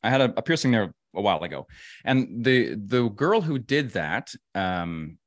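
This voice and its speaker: A man's voice: on the low side, big pitch swings, normal speed, dry recording, clean studio sound. A man being interviewed about travel and facing fear, speaking emphatically and often repeating words as he works through a thought. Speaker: travel adventurer and guest. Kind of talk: casual interview talk.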